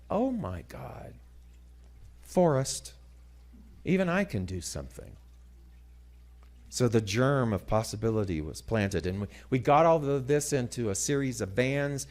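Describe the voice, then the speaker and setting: A middle-aged guest speaker with a mid-range voice delivers a sermon-style talk, telling a story dramatically and shifting between loud passages and hushed ones.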